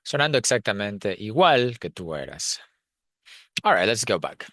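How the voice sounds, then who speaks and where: Man, deep and bright. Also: very animated, moderate pace, dry recording. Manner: thinks aloud with frequent fillers and restarts, switches between Spanish and English. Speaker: Spanish teacher. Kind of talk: explanatory lesson, reading notes and translating.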